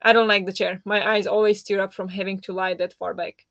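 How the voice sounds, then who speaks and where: A woman's voice: mid-range voice, level tone, fairly quick, a bit bright, no room sound, highs cut off. A woman hosting a casual livestream chat, talking with lots of fillers and reacting to viewer comments. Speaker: livestream host.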